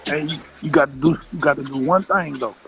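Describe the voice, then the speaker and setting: A man in casual banter, talking calmly and reassuringly. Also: a little high, fairly quick, gravelly, crowd noise, low-quality recording.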